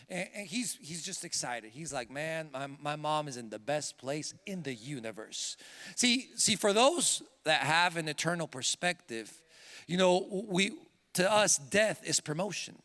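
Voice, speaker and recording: A man's voice: a little high, lively intonation, unhurried, fairly bright tone. A young man preaching a sermon, telling a personal story with animation and building to emphatic points. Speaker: pastor. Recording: long reverb from a church hall.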